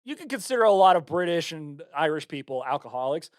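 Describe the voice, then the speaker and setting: A young adult American man co-hosting a podcast, ranting in a casual, profane, animated way. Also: fairly high pitch, quick pace, dry recording, clean studio sound. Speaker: podcast co-host. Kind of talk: casual chat.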